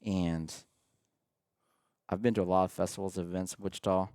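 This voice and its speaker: A man from Kansas hosting a casual podcast, enthusiastic and quick to chime in with agreement. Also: deep voice, steady tone, a little mellow, clear, resonant tone, no room sound, clean studio sound. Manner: enthusiastic, frequent yeahs. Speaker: podcast host.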